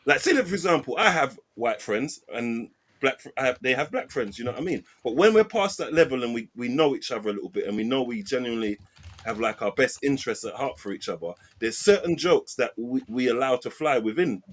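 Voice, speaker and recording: A man's voice: medium pitch, animated, fairly quick. A man, co-hosting a casual football chat, joking and laughing often. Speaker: podcast co-host.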